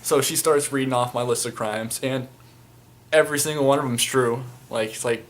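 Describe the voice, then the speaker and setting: A man's voice: medium pitch, steady tone, fairly quick, slight background noise. A young man casually recounting a tabletop game, rambling with lots of fillers and crude slang. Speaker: storyteller, fan video maker.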